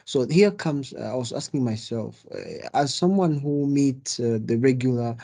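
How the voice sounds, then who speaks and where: A man's voice: medium pitch, animated, moderate pace, gravelly, mellow. A man asking a long, hesitant question in a webinar, with many restarts, on a video call. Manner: hesitant, restarts, non-native phrasing.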